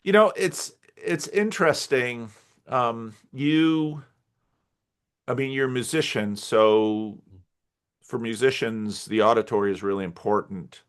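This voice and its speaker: Man, mid-pitched voice, interview host, curious questions, relaxed chat. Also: unhurried, clear, resonant tone. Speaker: podcast host. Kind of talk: interview conversation.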